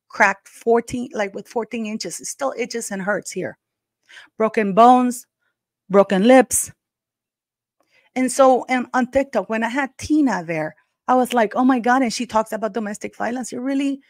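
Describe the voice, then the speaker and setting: A woman's voice: fairly high pitch, no room sound, studio quality. Indignant woman venting to her viewers. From Canada. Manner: emphatic, indignant, addresses viewers as guys. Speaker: YouTube channel host. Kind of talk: heated commentary vlog.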